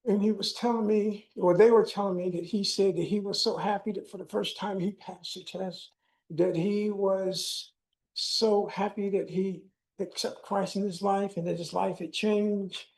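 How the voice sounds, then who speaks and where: A man's voice: high voice, steady tone, a little slow, a little mellow, low-quality recording. An older man giving a keynote talk, telling a personal story and acting out the dialogue. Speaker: keynote speaker. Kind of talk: personal testimony speech.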